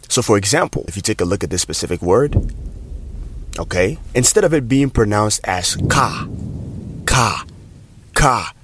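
A man's voice: fairly low pitch, a little hiss or hum. A man coaching pronunciation in a short video lesson, demonstrating sounds by repeating example words several times. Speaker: accent coach.

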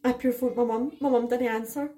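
A young woman with a slightly high voice tells a story to camera. She rambles through it with lots of fillers and swearing. She still sounds shaken and jittery. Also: fairly even intonation, fairly quick, dark tone. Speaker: vlogger.

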